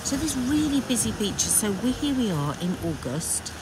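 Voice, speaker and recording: A woman's voice: on the high side, very animated, normal speed, noisy background. A middle-aged woman chatting expressively and playfully while walking a coastal path for a vlog. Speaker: vlogger. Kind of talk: casual chat on a walk. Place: outdoors on a windy coastal path.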